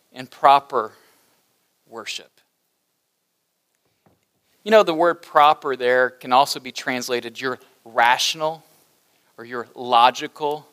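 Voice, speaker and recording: Man, middle-aged pastor, sermon, high-pitched, bright, animated and joking. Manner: animated, humorous asides with laughter.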